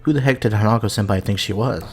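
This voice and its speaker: A quiet, wry teenage boy telling the story of his school day, read aloud by a man. His narration is dry and low, with faint game music behind. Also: fast talker, husky.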